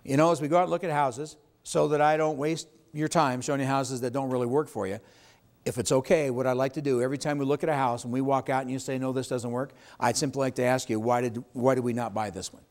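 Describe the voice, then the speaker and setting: A man's voice: medium pitch, steady tone, quick pace, a little mellow. A man teaching real estate agents at a live seminar, making his points with emphasis and putting questions to the audience. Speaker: real estate sales trainer. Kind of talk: live sales training seminar.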